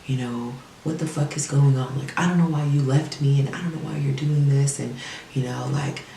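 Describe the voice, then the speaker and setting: A pushy, drunk ex-boyfriend who swears and makes demands, as a woman voices him in a gravelly voice, recorded from a distance in an echoey room. He is controlling and short-tempered. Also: a bass voice, fairly even intonation, normal speed, warm tone, slight background noise. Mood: demanding.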